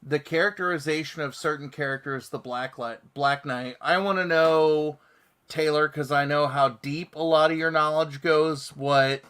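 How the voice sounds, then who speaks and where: Slow-talking man hosting a comics show. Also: fairly high pitch, clear, resonant tone. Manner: relaxed, reads viewer comments aloud. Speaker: podcast host. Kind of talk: casual chat.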